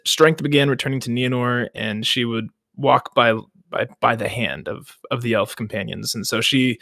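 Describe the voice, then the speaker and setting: Animated young man retelling a story. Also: medium pitch, gravelly, no room sound, studio quality. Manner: animated storyteller, retells with mock quotes and laughs. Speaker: podcast co-host. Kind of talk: casual book discussion.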